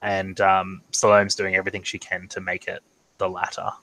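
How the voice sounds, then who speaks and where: Man, game master, tabletop game narration, bright voice, lowish pitch, hesitant with ums, video call. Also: monotone, normal speed, rough recording. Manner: hesitant, full of ums and restarts. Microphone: online video call.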